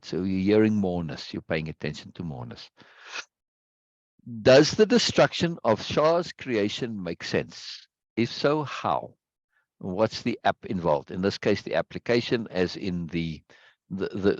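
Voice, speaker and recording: Man teaching a class over video call, low voice, rambling, dry dull sound. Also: no room sound. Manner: rambling, repeats words, asks "right?" often. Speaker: teacher leading an online study group.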